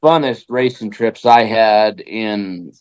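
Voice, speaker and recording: A man's voice: fairly low pitch, slow pace, a little mellow, clean tone. A man, a race-driver guest on a podcast, talking bluntly with constant swearing and stumbling restarts. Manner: blunt and profane, repeats words as he starts. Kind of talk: casual chat.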